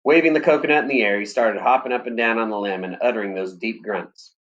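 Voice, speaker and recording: A man reading a story aloud in steady, plain audiobook narration. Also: lowish voice, fast talker, dull audio.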